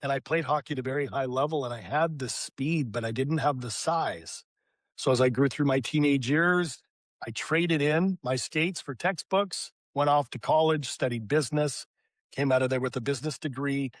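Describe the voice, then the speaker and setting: Middle-aged Canadian man, animated storyteller, mid pitch, dry sound. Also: moderate pace, dry recording. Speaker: podcast guest. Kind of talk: storytelling interview.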